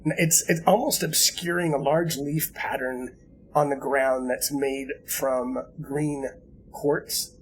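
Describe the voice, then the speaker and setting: A man narrating a tabletop game as game master, easygoing and halting, with many fillers and restarts. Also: medium pitch, steady tone, a little hiss or hum, poor audio.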